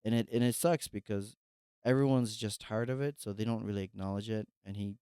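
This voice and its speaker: Male co-host, low smooth voice, halting filler-heavy chat. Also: steady tone, mellow, dry recording, clean studio sound. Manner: hesitant, full of fillers and restarts. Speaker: podcast co-host. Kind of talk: casual chat.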